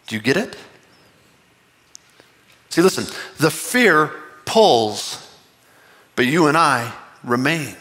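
Bright-voiced impassioned male preacher. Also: fairly high pitch, slow, long pauses, big-room sound. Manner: impassioned, rising to excited bursts. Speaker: pastor. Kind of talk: sermon.

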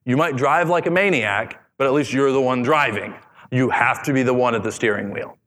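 A man's voice: mid-range voice, fairly quick, fairly bright tone. A man in his thirties preaching a sermon in a joking, conversational way, teasing and questioning his congregation. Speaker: pastor. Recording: long hall reverb.

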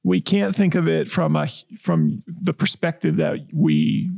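A man with a strongly gravelly, fry-heavy voice and a lively, rising and falling pitch. He reads a bible verse and then talks it through conversationally. The recording is dry and close. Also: measured pace, no room sound. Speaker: podcast co-host. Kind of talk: casual bible discussion.

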